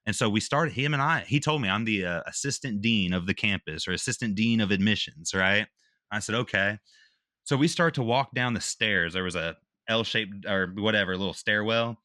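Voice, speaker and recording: A man's voice: lowish voice, moderate pace, dry recording, clean studio sound. A man, a military veteran guest, telling a personal story in casual talk. He acts out the other people's lines and drops "dude" and "bro" as he goes. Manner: animated retelling, acts out quotes, slangy with "dude" and "bro".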